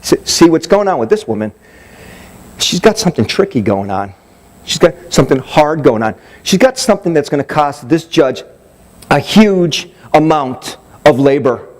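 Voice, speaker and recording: A male pastor delivering a sermon with a fairly high, lively voice. He tells the story with emphatic repetition, often restarting his words as he drives his point home. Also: normal speed. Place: church sanctuary.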